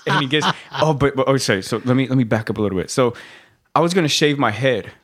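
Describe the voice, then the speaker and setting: A young adult man co-hosts a podcast, swapping boot camp stories in casual chat. He rambles, swears freely and laughs often. His voice sits at an everyday middle pitch. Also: fast, background noise. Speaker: podcast co-host.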